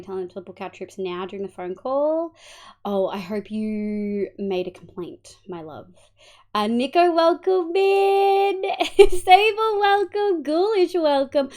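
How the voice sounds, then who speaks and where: A young Australian woman streaming live, chatting casually and greeting her viewers one by one. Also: mid-range voice. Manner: greets chat warmly by name, swings into loud playful outbursts.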